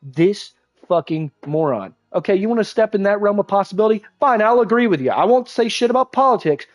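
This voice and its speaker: A young man ranting while he streams a game. His voice sits fairly high, and his rambling is heated and full of swearing and false starts. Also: animated, brisk, faint music behind. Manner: heated, profane, rambling rant with many restarts. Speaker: gaming livestreamer. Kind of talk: ranting live-stream commentary while gaming. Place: at home at a game console.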